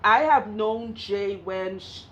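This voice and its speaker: A woman with a Trinidadian accent speaks candidly to camera, working through an emotional personal testimony. She rambles and restarts her sentences, at a middle pitch, with faint noise behind her. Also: slow. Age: 20s at surgery, now older. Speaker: hairstylist and vlogger.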